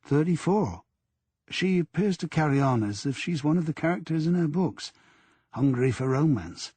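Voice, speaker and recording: A man playing a dutiful young sergeant who briefs his chief with deference. His voice sits a little higher and stays husky and close. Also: lively intonation, normal speed, dark tone, dry recording. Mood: reporting. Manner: earnest, deferential reporting.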